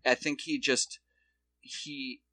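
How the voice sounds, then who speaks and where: A man's voice: medium pitch, level tone, slow pace, bright, forceful tone, no room sound. A man co-hosting a casual podcast, telling a story in a rambling, profane way and acting out quotes in other voices. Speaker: podcast co-host. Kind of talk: casual chat.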